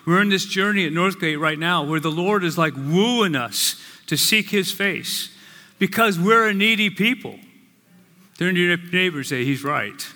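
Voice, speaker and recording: Man, pastor, sermon, earnest emphatic delivery, bright voice, long hall reverb. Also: sits high, expressive. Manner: earnest preaching with slow emphatic phrases. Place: church sanctuary.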